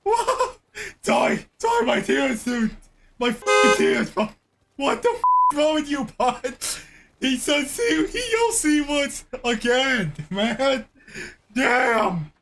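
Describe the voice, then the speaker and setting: A man hosting a reaction video, loud and exclamatory, swearing often. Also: very high-pitched, very animated, slow pace, background noise. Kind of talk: excitable reaction commentary.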